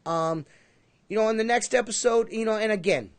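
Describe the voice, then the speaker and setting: A man's voice: sits high, normal speed, no echo. A man co-hosting a casual livestream podcast, rambling and emphatic with a lot of swearing. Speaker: podcast co-host.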